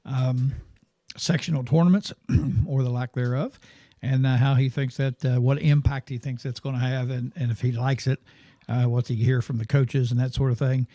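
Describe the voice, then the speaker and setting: A man's voice: mid-range voice, warm tone, no room sound. A man hosting a casual sports talk show from a studio, rambling and easygoing with plenty of fillers.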